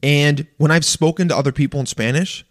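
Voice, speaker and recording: A man delivering an animated, profane rant in a casual monologue, stammering and restarting often. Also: fairly high pitch, fairly quick. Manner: profane, exasperated, animated ranting.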